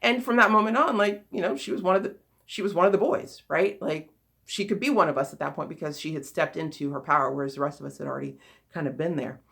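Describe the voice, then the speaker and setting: A woman with a fairly low voice talks casually as a spiritual coach. She rambles, with many fillers and restarts. Her tone is earnest and encouraging. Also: fast talker, creaky, fairly bright tone. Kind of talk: casual spoken talk.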